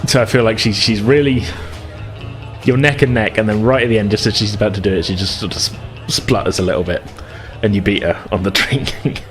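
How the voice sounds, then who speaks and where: A man narrating a tabletop role-playing session as game master, easygoing and chuckling, with filler words throughout. His voice sits a bit low. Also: a little fast, faint music behind. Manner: relaxed, chuckling, full of fillers.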